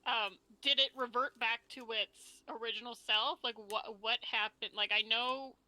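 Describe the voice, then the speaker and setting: Bright-voiced chatty woman from Minnesota. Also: on the high side, fairly even intonation, normal speed, no room sound, rough recording. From Minnesota, USA. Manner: laughing, chatty, many fillers. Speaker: player. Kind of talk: casual chat.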